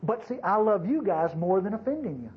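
Male pastor, high and animated, preaching in a chatty, folksy way; slightly dull recording. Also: fairly quick, husky. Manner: folksy, conversational preaching with asides to the congregation. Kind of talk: sermon.

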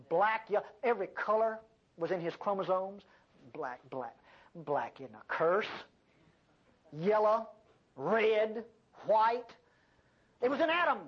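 An older woman preaching a sermon, with an animated delivery and folksy asides. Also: medium pitch, breathy edge. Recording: dull lo-fi sermon recording.

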